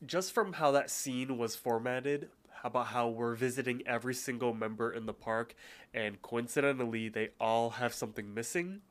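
A man's voice: mid-range voice, normal speed. Chatty man co-hosting a podcast. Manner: chatty, laughs easily, lots of fillers. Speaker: podcast co-host. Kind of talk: casual episode recap.

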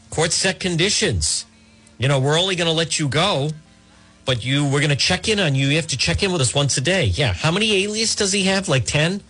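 A man's voice: mid-range voice, fairly bright tone, breathy edge. A man hosting a talk radio show, delivering a rambling, sarcastic monologue full of mock quotes and asides into a studio microphone.

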